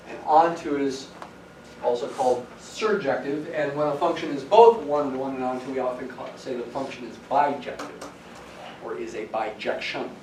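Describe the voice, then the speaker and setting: A man's voice: mid-range voice, a little mellow. Male lecturer in an echoey classroom. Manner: explanatory, stresses key words. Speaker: math professor. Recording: echoey classroom from some distance, faint hiss.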